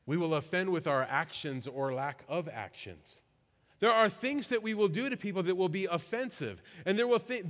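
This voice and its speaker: A man preaching a sermon as pastor, talking in a conversational, self-deprecating way and slowing down for emphatic lines. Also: high voice, a bit bright. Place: church sanctuary. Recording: long reverb of a church hall.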